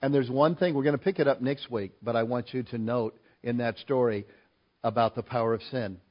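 A male pastor delivers a sermon in a medium-pitched voice, hammering his key points with rising force. The recording is somewhat dull and lo-fi. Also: brisk.

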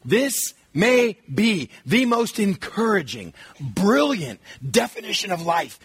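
A man preaching a sermon in an animated way, acting out voices and sometimes shouting. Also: sits high, slow pace, breathy edge, no echo. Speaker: pastor.

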